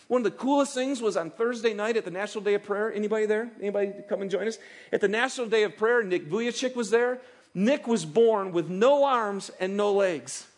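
Animated preacher, man with high voice. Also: brisk. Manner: animated, acts out quoted voices of God and listeners. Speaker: pastor. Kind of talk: sermon.

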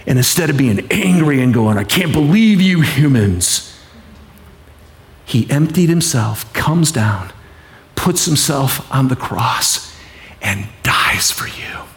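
A man preaching a sermon with passion, repeating phrases and acting out the voices of people and God, swinging from loud pleading to hushed intensity. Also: medium pitch, animated, slow. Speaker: pastor.

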